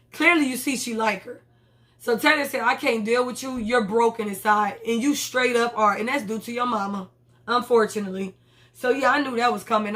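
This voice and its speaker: A young woman casually recapping a TV episode, swearing freely and acting out the characters' lines. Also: on the high side. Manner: animated, profane, acts out characters' lines. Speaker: TV episode reviewer.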